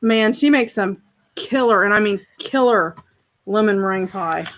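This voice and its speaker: A friendly, chatty woman hosts a craft livestream from home, laughing easily while reading viewer comments aloud and chatting with her live audience. Her medium-pitched voice is somewhat bright and moves at a normal speed.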